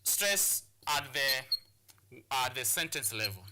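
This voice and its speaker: A man's voice: mid-range voice, lively intonation, slow pace, noisy background. A man from Kenya teaching an English lesson, explaining step by step and often repeating and restarting words. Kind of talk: classroom lesson on a television channel.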